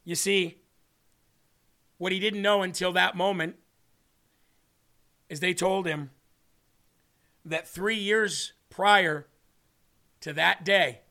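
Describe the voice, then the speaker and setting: A man with a high, bright voice delivers a storytelling sermon as host of his show. He acts out each person's words in the story with lively changes of tone. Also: slow, long pauses. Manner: animated, acts out dialogue in a story. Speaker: host and preacher.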